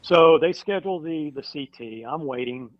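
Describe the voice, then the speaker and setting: A firefighter, a guest on a podcast, telling a personal story in a casual interview, halting with many fillers and restarts. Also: male voice, fairly high pitch, no echo. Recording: dull dry recording.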